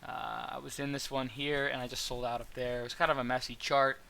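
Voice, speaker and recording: A man's voice: mid-range voice, level tone, fairly quick, creaky, pushed and bright. A young man talking casually as a trading mentor, rambling through his trades with many fillers and restarts. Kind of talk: casual trade recap to viewers.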